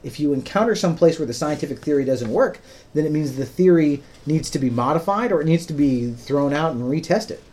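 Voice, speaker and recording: A man's voice: fairly high pitch, lively intonation, fairly quick, darkish tone. A man hosting a podcast, patiently explaining things in plain words with frequent ums. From United States. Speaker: podcast host. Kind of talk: casual explanatory podcast talk.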